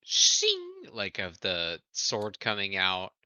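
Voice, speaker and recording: A man playing a tabletop game, talking haltingly and stumbling over his words. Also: low-pitched, wildly swooping pitch, pushed and bright, clear, resonant tone, dry recording. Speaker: player.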